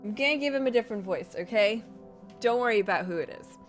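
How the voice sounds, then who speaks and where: A woman's voice: fairly high pitch, lively intonation, quick pace, soft background music. A woman streamer reading a story aloud in a casual way, with playful, chatty asides.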